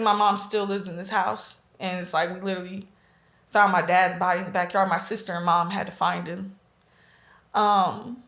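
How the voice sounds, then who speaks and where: Recounting a personal story with lots of fillers and quoted dialogue, this woman speaks earnestly as a guest on an interview show. She's a Reiki practitioner from Omaha, Nebraska. Her mid-range voice is a bit bright and sounds reverberant.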